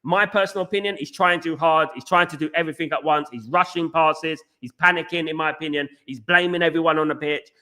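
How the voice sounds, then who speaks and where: Fast-talking man, bright and animated. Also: fairly high pitch. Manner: rapid, animated, repeats himself, lots of fillers. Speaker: podcast host reading live chat. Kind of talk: casual live-stream chat.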